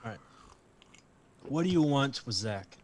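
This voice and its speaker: A man's voice: mid-range voice, lively intonation, measured pace, a little hiss or hum. A man playing a tabletop game, talking casually and pushing with direct questions. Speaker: player. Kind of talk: casual game talk, in character.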